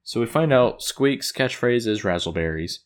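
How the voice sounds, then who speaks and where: With a lowish, unhurried voice, a man looks back on an episode he wrote in a casual recap. His manner is loose, full of chuckles, fillers, and frequent self-corrections as he rambles along.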